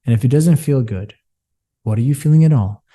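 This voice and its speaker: A man's voice: mid-range voice, brisk, warm tone. A man, a business coach, talking passionately in an interview and telling stories in which he quotes himself and others. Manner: passionate, preachy storytelling. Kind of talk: candid interview talk.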